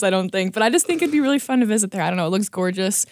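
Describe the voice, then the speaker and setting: A woman's voice: mid-range voice, expressive, racing, darkish tone, a little hiss or hum. A young woman guest on a podcast, chatting casually, giggling and rambling as she talks. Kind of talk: casual chat.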